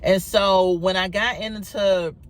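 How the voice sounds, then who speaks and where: A woman's voice: mid-range voice, fairly even intonation, unhurried. A woman recording a storytime vlog, talking casually to her viewers with lots of fillers and calling them y'all. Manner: chatty, addresses viewers as y'all, many fillers. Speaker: vlogger.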